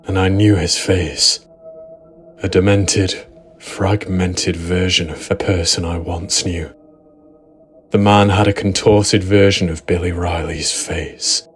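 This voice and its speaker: A man narrating a first-person horror story in a steady, dramatic storytelling manner. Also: low-pitched. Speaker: narrator and writer.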